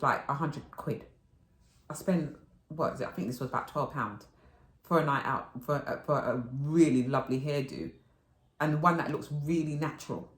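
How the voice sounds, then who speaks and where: A middle-aged woman spins rambling, animated stories in a casual haul video, swearing and laughing as she goes. Her voice sits on the lower side but swings widely in pitch. The room around her is roomy and echoey. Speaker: vlogger. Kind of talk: chatty storytelling haul video. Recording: roomy echo.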